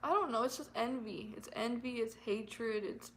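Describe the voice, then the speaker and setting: A young woman telling a painful personal story on her vlog, emotional and halting, repeating herself with nervous laughs. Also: fairly high pitch, poor audio. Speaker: vlogger.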